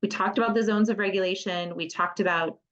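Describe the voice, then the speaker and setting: A woman's voice: medium pitch, fairly even intonation, fast, a bit bright. A middle-aged woman, an occupational therapist, giving a conversational parent education talk with playful asides. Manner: conversational, practical, with playful acted asides to children. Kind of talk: presenting a parent education webinar. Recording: slightly muffled lo-fi audio.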